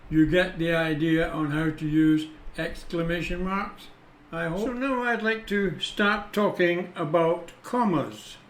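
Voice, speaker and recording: A man teaching English punctuation, patient and deliberate, stopping to spell out each rule. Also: sits high. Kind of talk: explaining punctuation with read-out examples. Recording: echoey room.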